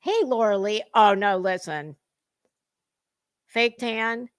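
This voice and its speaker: A woman's voice: medium pitch, slow pace, clear, resonant tone, no room sound, studio quality. A woman hosting a casual livestream, greeting viewers in chat and talking in a salty, chatty way with cusswords. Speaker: livestream host.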